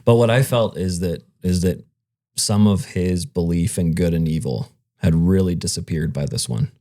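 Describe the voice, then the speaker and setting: A man's voice: deep voice, normal speed, warm tone. A man co-hosting a podcast in casual chat, giving a wry, chatty critique with plenty of fillers. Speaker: podcast co-host.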